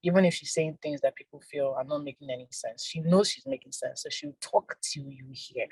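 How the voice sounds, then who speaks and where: A young woman, an actress and filmmaker, giving soft-spoken casual interview answers with frequent laughs. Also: low-pitched, sing-song, a little fast, husky, dry recording, poor audio. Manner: soft-spoken, laughs often, repeats words.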